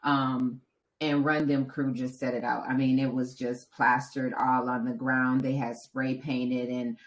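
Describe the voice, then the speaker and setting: Low-voiced woman telling a vivid story. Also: a little slow. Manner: animated storytelling, acting out other people's lines. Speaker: podcast co-host and marathon runner. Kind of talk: casual podcast chat.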